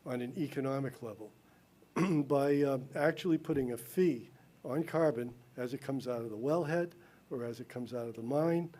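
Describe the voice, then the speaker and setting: A man with a slight lisp speaks at a town council podium in a soft, mellow tone. His delivery is earnest and explanatory, and he often restarts his phrases. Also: mid-range voice, normal speed. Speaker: resident giving public comment. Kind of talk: public comment at a town council meeting. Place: town council meeting room.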